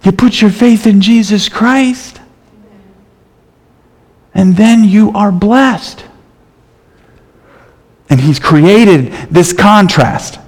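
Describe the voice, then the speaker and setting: A man preaching a sermon, reading scripture aloud and explaining it with emphatic, animated delivery. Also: high-pitched, very slow, pauses often. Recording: long reverb in a large hall.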